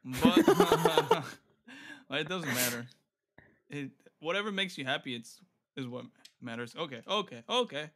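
A man's voice: on the high side, huge pitch swings, a little slow, fairly bright tone. A man chatting playfully with a friend during a casual game stream, laughing often. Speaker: guest streamer. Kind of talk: casual gaming stream chat.

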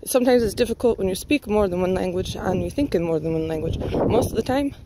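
A woman's voice: medium pitch, fast talker, noisy background. A woman from the United States rambling and chatting to herself as she walks a residential street for a vlog, laughing often. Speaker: vlogger. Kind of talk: casual walking vlog. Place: outdoors on a residential street, walking.

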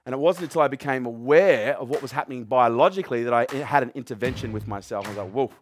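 A man's voice: mid-range voice, fast talker, slight background noise. A middle-aged man giving a motivational talk to a live audience. He talks emphatically, swears freely and throws questions at the crowd. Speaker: motivational speaker.

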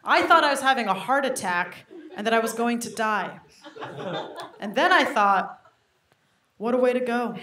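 Woman in her thirties, stand-up set, self-mocking, roomy live hall, faint hiss. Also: fairly high pitch. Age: 30s. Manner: animated, self-mocking storytelling with frequent asides to the crowd. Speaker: stand-up comedian. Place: comedy venue with a live audience. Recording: roomy live venue recording.

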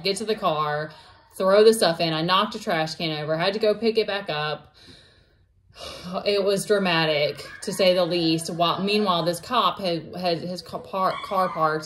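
A woman's voice: fairly low pitch, fairly bright tone, slight background noise. A woman, telling a personal story in a casual vlog, rambling with many fillers and restarts. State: emotional, near tears at times. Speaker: vlogger.

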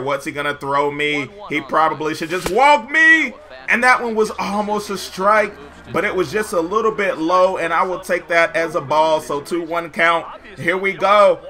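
High, bright-voiced hyped gamer man. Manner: hyped, jokey, shouts at big plays. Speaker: gameplay commentator. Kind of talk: excited gameplay commentary.

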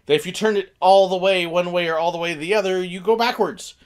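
A man casually telling a funny family story, animated and acting out the quoted bits. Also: high voice, fairly quick, smooth.

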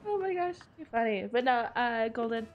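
A woman's voice: fairly high pitch, expressive, normal speed, muffled recording, soft background music. A young woman streaming a game, chatting casually with friends and teasing them while laughing often. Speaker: livestreamer. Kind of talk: casual gaming chat.

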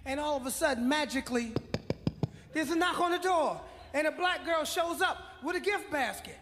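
High voiced guy telling his side deadpan on stage, hall reverb. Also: moderate pace, slight background noise. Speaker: comedian's friend, guest. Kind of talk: stand-up storytelling. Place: large live comedy venue. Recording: live venue with long reverb.

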